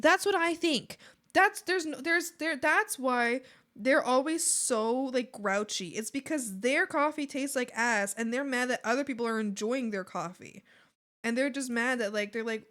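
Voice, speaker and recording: Woman, art streamer, casual chat, bubbly and giggly, fairly high, very lively pitch. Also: moderate pace. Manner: bubbly, laughs a lot, swears playfully. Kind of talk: casual chat while drawing, reading chat.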